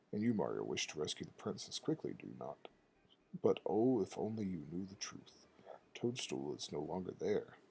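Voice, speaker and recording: Wise old sage, male, low and quiet, slow and solemn; a man doing the voice. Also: creaky, slightly rough, full character voice. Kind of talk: reading game dialogue aloud.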